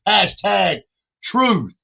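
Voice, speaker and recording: A man's voice: sits high, very animated, very slow, creaky, pushed and bright, husky, low-quality recording. A man, co-hosting a livestream and hyping donations, repeating phrases and calling himself in the third person. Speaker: podcast co-host. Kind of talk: lively livestream fundraising chat.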